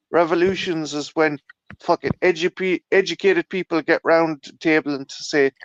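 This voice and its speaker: A man's voice: a little high, dry recording, dull audio. Swearing Irish man telling stories. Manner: swears constantly, animated storytelling. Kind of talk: casual chat.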